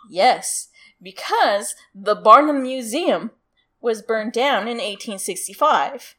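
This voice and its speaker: A woman's voice: on the high side, lively intonation, slow pace, sharp tone, husky. A woman co-hosting a podcast, telling a story in casual chat, giggly and swearing freely. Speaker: podcast co-host.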